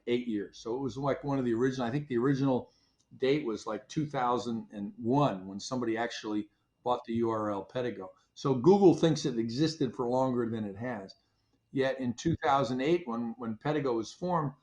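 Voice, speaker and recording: An older man, a company founder, telling stories in a relaxed interview and acting out his own past conversations. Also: mid-range voice, muffled recording. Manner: animated storyteller, acts out his own past dialogue. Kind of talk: casual interview storytelling.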